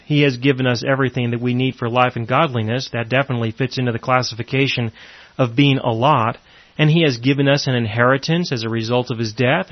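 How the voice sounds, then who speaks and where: A man's voice: medium pitch, dry recording. A man preaching a sermon in an earnest way, full of repeated rhetorical questions and emphatic lines. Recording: dry, dull lo-fi recording.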